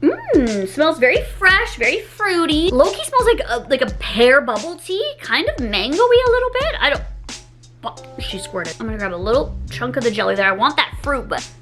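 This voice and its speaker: A young woman doing a casual food taste-test vlog, gasping and rambling excitedly with lots of "like.". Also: sits high, moderate pace, faint music behind. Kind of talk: casual food review chat.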